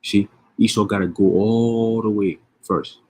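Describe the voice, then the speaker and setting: A man's voice: lowish voice, fairly even intonation, a little slow, darkish tone, husky. A man giving casual, profane religious commentary, streetwise and emphatic, with frequent rhetorical questions. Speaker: online preacher.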